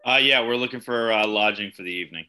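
A man's voice: on the low side, fast, sharp tone. A man playing a tabletop game, asking questions with hesitant fillers. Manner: hesitant, polite. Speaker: player.

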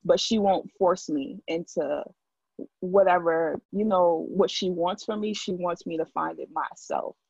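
A woman's voice: fairly low pitch, unhurried, gravelly, darkish tone, husky, no room sound, lo-fi sound. A young woman talking in a casual chat, filling her speech with "like" as she tells her story. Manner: talkative, heavy use of "like". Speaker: guest.

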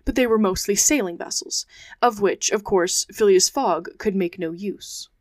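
A woman podcast host narrating a classic adventure novel aloud, reading in measured phrases. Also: mid-range voice, no echo, studio quality. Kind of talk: audiobook narration.

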